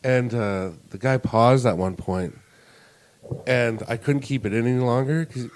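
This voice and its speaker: With a mid-range voice and a slightly slow pace, a man co-hosting a podcast tells a long story in easygoing conversation, laughing animatedly throughout. A little hiss or hum sits in the recording.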